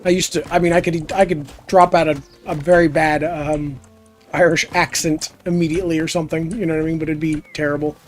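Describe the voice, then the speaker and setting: Male streamer, pitched a bit high, loose rambling chat with viewers over faint music. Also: little pitch movement, a little fast. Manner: rambling, goofy, chats with viewers while playing. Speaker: live streamer. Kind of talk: casual gameplay stream chat.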